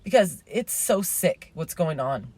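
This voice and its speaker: A woman's voice: low voice, expressive, unhurried, darkish tone, slightly rough. A woman in her thirties telling a rambling, indignant story as a vlogger, swearing and then apologizing for it.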